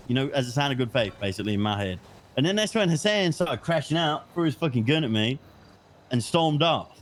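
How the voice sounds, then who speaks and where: A man's voice: on the high side, quick pace. A man with a British accent playing a police officer in role-play, retelling events with plenty of swearing. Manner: swearing, storytelling, animated retelling. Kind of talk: in-character role-play chat.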